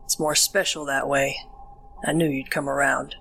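A woman voicing a creepy old grandfather in a horror audiobook, speaking low, soft and falsely sweet. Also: flat delivery, normal speed, creaky, husky, exaggerated voice. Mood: sickly sweet.

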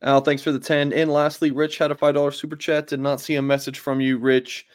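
A man's voice: a little high, little pitch movement, brisk. A man hosting a sports talk show, casually reading viewer messages and signing off. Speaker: show host.

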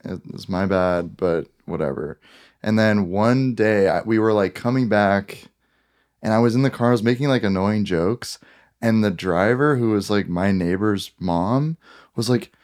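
A young man with a low voice tells a story in casual podcast chat. He is easygoing and pokes fun at himself. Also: unhurried, darkish tone. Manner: self-mocking and easygoing.

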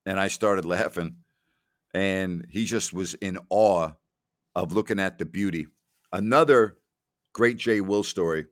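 Male host with a lowish voice, rambling and repetitive, dry close sound. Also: dry recording. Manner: rambling storyteller who repeats phrases and laughs often. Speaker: podcast host. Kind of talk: casual solo chat answering listener questions.

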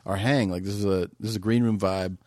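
Comedian guest, middle-aged man, low voice, loose rambling delivery, dry mic. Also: fast, no room sound. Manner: relaxed, rambling, frequent restarts and "like". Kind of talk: casual chat.

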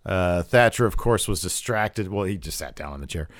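A man co-hosting a casual chat, recapping events and retelling scenes in lively quoted voices. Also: sits low, moderate pace, no echo, clean studio sound. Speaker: podcast co-host recapping wrestling.

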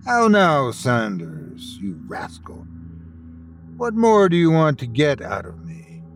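A man voicing a brash, jaunty gentleman villain with a scornful manner. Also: fairly high pitch, huge pitch swings, slow pace, far from the mic, soft background music, voice pushed up, heavily acted.

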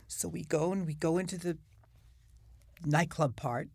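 An older woman, a guest, telling a lively anecdote in a podcast conversation. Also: lowish voice, brisk, creaky, husky, no room sound. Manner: chatty, animated storyteller who acts out quotes. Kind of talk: anecdotal storytelling.

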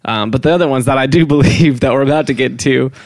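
A man with a gravelly voice chats on a podcast, rambling and laughing as he explains things. The mic sound is dry and close. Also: medium pitch, fast talker, darkish tone, no room sound. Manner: giggly, rambling, keeps breaking into laughter. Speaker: podcast co-host explaining a topic. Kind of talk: casual podcast chat.

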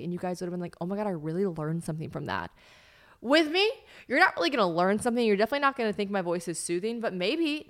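A woman in her thirties with a somewhat low-pitched voice hosts her own podcast. She talks casually and frankly, swears freely, and rambles her way into pep talks for her listeners. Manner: candid, profane, rambling pep-talk delivery. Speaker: podcast host. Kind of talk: casual solo podcast chat.

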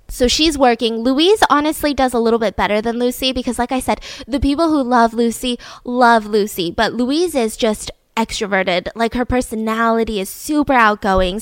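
A woman's voice: a little high, no echo. A woman hosting a podcast, telling a true-crime story in a chatty way, swearing casually and laughing between points. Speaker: podcast host.

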